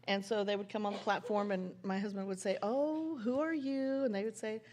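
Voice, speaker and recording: A woman preaching at a church women's conference, reading scripture and telling stories with animated laughter. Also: medium pitch, fast, a little hiss or hum. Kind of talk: sermon with scripture reading and storytelling.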